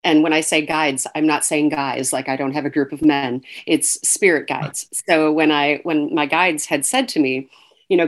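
A woman's voice: low-pitched, steady tone, moderate pace. A woman, an author and guest, telling her story in a casual interview, acting out dialogue and laughing between phrases.

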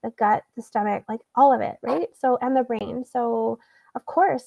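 A woman tells her story as an interview guest, and her voice sits a little high with a gravelly edge. She speaks in a mellow, darker tone and slips into the other people's lines as she retells events. The recording is dry, and she sounds slightly back from the mic. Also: no echo, distant mic, poor audio. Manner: retells events by acting out quoted dialogue. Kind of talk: conversational storytelling.

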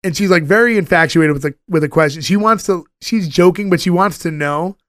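A man co-hosting a casual podcast, his voice sitting a bit high for a man. He retells the episode scene by scene and acts out the characters' lines along the way. The sound is dry and close, with no room in it. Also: fairly quick, a bit bright, no room sound. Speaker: podcast co-host recapping a sitcom. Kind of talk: casual chat.

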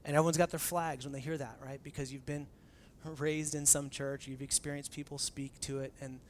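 A young adult man preaching a sermon as pastor in a conversational, animated way, acting out the dialogue he quotes. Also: a little high, fairly quick, slight background noise.

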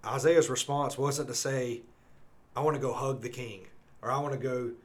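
A man's voice: mid-range voice, fairly even intonation. Earnest man teaching scripture. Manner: earnest, reads scripture slowly and emphatically, then rambles with restarts. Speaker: podcast co-host. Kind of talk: conversational Bible teaching.

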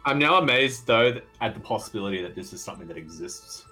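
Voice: mid-range voice, lively intonation, fast, pushed and bright, faint music behind. A player reacting to the game in a casual, incredulous way. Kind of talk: casual tabletop play.

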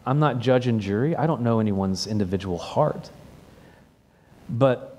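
A man preaching at a middle pitch and sounding like he is just talking with people. He tells a story from his own ministry, restarting phrases and repeating words as he goes. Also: normal speed, mellow. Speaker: pastor. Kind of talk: sermon with personal story.

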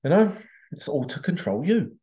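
A man's voice: fairly high pitch, very animated, moderate pace, warm tone. English guy chatting on his podcast, wanders off topic, chuckles a lot, a bit muffled sound. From England. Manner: rambling, digressive, chuckling. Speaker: podcast host. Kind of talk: casual solo monologue.

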